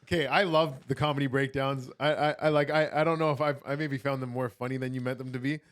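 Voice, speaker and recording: A man's voice: medium pitch, steady tone, fast talker. A young man from Canada, a comedian guest telling stories and cracking jokes in casual chat. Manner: joking, storytelling.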